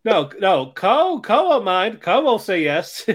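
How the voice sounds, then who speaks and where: High-voiced joking young man. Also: big pitch swings, slow. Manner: laughing, joking banter. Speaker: podcast co-host. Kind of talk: casual chat.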